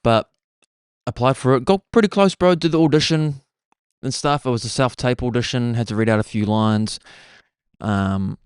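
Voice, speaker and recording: A young man with a New Zealand accent, hosting a podcast and telling stories in an excitable, casual way. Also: medium pitch, normal speed, clean tone, dry recording, studio quality. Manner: excitable, says "bro" constantly. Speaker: podcast host. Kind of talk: casual storytelling chat.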